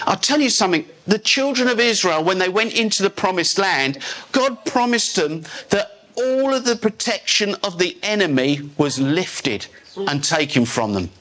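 Bright, high-set man preaching emphatically. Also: lively intonation, normal speed. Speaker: pastor. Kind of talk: live sermon. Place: church service.

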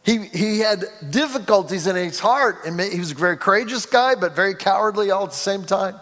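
A man's voice: high voice, lively intonation, brisk, a bit bright. A man preaching a sermon as pastor, with rising emphasis and acted-out quotes. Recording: reverberant hall.

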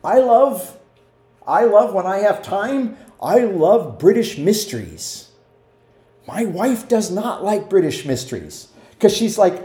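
A man leads a relaxed Bible study in a church room, his mellow voice carrying a roomy echo. He talks in a lively, conversational way, putting questions to the group and acting out little quotes. His voice sits a touch higher than usual for a man. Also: measured pace. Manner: asks the listeners questions, acts out quotes. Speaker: Bible teacher.

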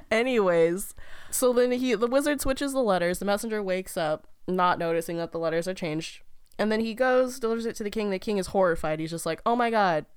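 A woman's voice: medium pitch, fairly quick, clear, resonant tone, dry recording, studio quality. A woman casually retelling a fairy tale to a friend, rambling and laughing often.

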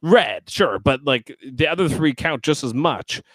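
A man in casual podcast chat, recapping a reality show and mocking contestants with squeaky impressions. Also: expressive, a little slow, a bit bright, dry recording.

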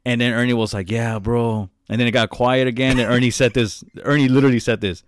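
A man's voice: medium pitch, fairly even intonation, fast, a little hiss or hum. A young man co-hosting a podcast, talking casually and emotionally, swearing often and rambling with lots of laughs. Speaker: podcast co-host.

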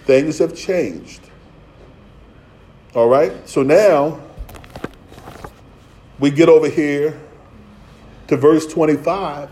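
A man's voice: a little high, extremely slow, pauses often, dark tone, reverberant, poor audio. A man preaching a sermon as pastor, streetwise and playful, with asides and acted-out voices. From Philadelphia.

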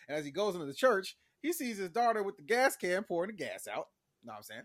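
Animated, fairly high-voiced man telling a story. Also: fast, dry recording, studio quality. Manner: animated storyteller, acts out characters in exaggerated voices, laughs often. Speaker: podcast co-host recapping a show. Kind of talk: casual podcast chat.

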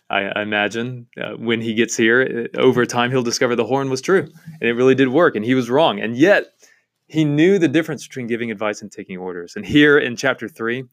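A man giving a devotional Bible-study talk on a novel, earnest and enthusiastic, with frequent fillers and restarts. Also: medium pitch.

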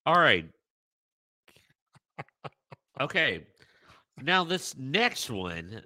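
A man's voice: mid-range voice, big pitch swings, drawn-out words, pushed and bright, dry recording. A man co-hosting a casual podcast chat, playful and laughing often as he talks. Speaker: podcast co-host.

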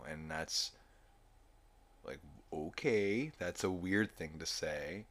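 A man's voice: sits low, extremely slow, fairly bright tone. A young adult man hosting a podcast, recapping an episode in a rambling, amused way full of fillers. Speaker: podcast host.

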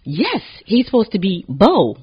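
A woman hosting a casual podcast chat, telling animated stories and acting out what people said, often laughing. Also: medium pitch, unhurried, breathy edge, highs cut off. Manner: animated storytelling, acts out quotes, laughs often. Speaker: podcast host.

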